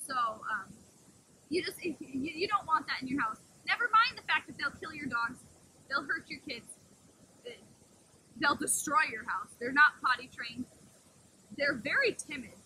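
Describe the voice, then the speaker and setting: A woman's voice: animated, moderate pace, pushed and bright, slight background noise, low-quality recording. A woman working as a wolf caretaker, talking enthusiastically to the camera outdoors beside the wolf pens. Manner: enthusiastic, talks to the wolves in a high sing-song voice. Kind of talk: casual outdoor explanation to camera.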